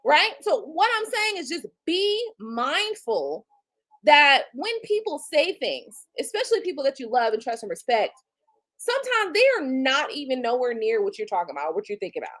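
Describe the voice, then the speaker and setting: A woman in her forties speaks with a very high voice that leaps all over the place as she rants on her livestream. She is blunt and profane, with features, and she talks straight to her viewers in an animated, mocking way. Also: normal speed, low-quality recording. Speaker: tarot reader and livestream host. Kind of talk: casual livestream rant.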